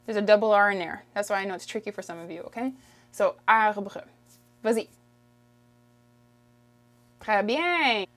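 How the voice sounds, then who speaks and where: A woman from Quebec with a Québécois accent, teaching in an upbeat way and slowing down to model each word for the viewer to repeat. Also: mid-range voice, expressive, fairly bright tone. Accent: Québécois French. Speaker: French teacher. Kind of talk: online language lesson.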